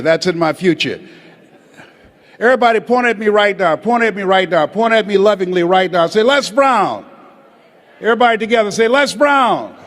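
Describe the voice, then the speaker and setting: A man's voice: high voice, fairly bright tone. An older man, a motivational speaker from the United States, addressing a live audience and calling on them to raise hands and repeat after him. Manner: calls for audience responses, dramatic pauses. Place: large auditorium. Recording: hall reverb.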